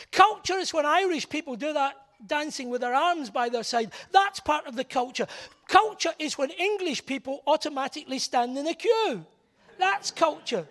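Man, preacher, sermon, middle-aged, high-pitched, emphatic, repeats words for force. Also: fairly bright tone.

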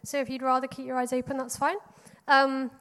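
A woman leading children and families through a guided prayer in a church hall, bright and encouraging with pauses between prompts. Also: high-pitched, completely flat delivery. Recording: long hall reverb.

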